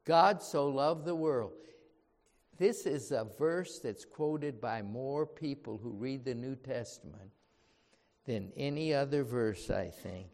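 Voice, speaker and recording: A man's voice: medium pitch, lively intonation, slow, mellow. A man preaching a sermon with emphasis, often putting rhetorical questions to his listeners. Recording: reverberant hall.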